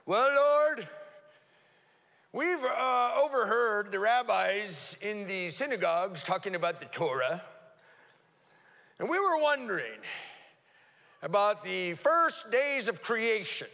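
A man's voice: high voice, lively intonation, takes it slowly, pauses often, sharp tone, pitched above the performer's own voice, heavily acted. An earnest blind beggar, as a pastor puts him on, asks his question in a raised, overly formal and pious manner. His voice rings with the long reverb of a church hall. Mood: mock-pious.

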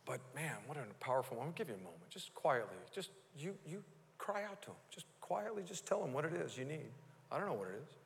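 An earnest male pastor preaching to his congregation, his slightly higher voice stumbling into quick restarts. The sound carries a long reverb from the church hall around him. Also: big pitch swings, gravelly. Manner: earnest, with repeated stammered restarts. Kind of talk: live sermon. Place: church sanctuary.

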